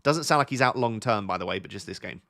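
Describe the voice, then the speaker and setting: On his fantasy football live stream, a young southern-English-accented man from Essex reads viewer questions and thinks aloud while giving friendly, casual advice. He speaks at a quick pace in a voice on the low side, bright, expressive and forceful.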